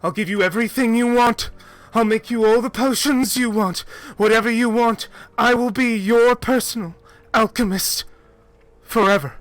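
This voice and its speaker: A woman's voice: moderate pace, no room sound, close to an everyday voice. A man voicing a desperate young alchemist woman who pleads through tears. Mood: pleading. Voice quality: high, tearful pleading.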